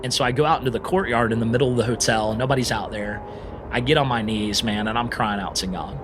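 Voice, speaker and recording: A man's voice: mid-range voice, fairly even intonation, quick pace, noisy background. Earnest, emphatic male storyteller. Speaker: guest. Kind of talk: storytelling interview.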